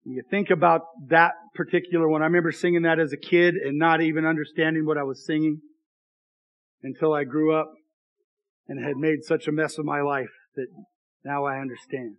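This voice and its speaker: A man's voice: on the high side, level tone, fairly quick, highs cut off. A man preaching a sermon as pastor, reading scripture aloud and making joking asides to the congregation in a conversational way.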